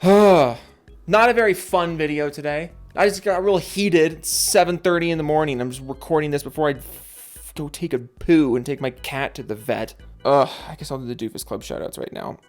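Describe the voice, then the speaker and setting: A young man hosting a casual solo gaming vlog, ranting with heat, swearing freely, then reading out member shoutouts. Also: medium pitch. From Seattle area, USA. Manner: animated, swinging between heated yelling and tired mumbling. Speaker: gaming commentary host.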